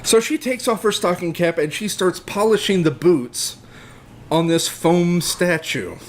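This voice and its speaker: A middle-aged man on a podcast, telling a comic personal story in a deadpan, rambling way full of hesitations. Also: high-pitched, measured pace. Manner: rambling, deadpan, hesitant with many ums and uhs. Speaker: podcast co-host.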